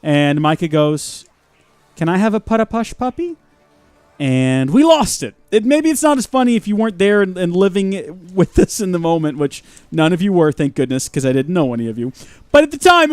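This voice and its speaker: A young man streaming a game live, rambling and joking with his chat in a fairly high voice that swings up and down a lot. He breaks into mock shouts now and then. The mic is close and dry, with faint game music under him. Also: very animated, brisk, smooth, no echo. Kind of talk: live gameplay commentary.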